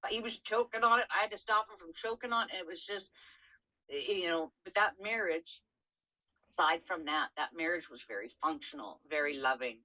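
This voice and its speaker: Low, bright-voiced woman telling it straight. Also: fairly quick, low-quality recording. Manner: frank, swears freely, many fillers and restarts. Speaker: podcast co-host. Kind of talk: candid personal storytelling.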